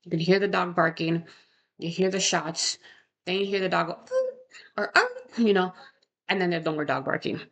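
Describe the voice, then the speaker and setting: A woman's voice: fairly low pitch, steady tone, normal speed. A young woman casually talking through a true crime case, rambling and correcting herself, with frequent rhetorical questions. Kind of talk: casual chat.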